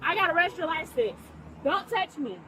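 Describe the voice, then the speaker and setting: A woman's voice: very high voice, lively intonation, brisk. A woman being arrested at a roadside traffic stop, arguing with police in an agitated, insistent way and repeating herself, recorded on an officer's body camera outdoors. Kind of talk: heated argument with police. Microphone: police body-worn camera.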